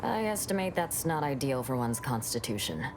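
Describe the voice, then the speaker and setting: An actress voicing a prim, refined woman companion in a video game, speaking in a formal, measured way. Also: a bass voice, heavily acted. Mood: wistful. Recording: game audio under steady noise.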